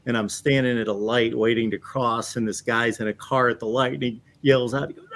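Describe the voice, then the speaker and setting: A man with an average-pitched voice hosts a sports talk. He tells anecdotes in an animated way, often laughing as he talks. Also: a little fast. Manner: animated storyteller, laughs while talking. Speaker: host. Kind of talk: casual anecdote telling.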